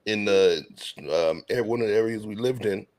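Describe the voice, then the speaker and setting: A man's voice: normal speed, a little mellow, dry recording. A man from Brooklyn, hosting a laid-back streamed chat and telling stories in street slang. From Brooklyn, New York. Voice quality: deep, gravelly and husky. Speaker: show host.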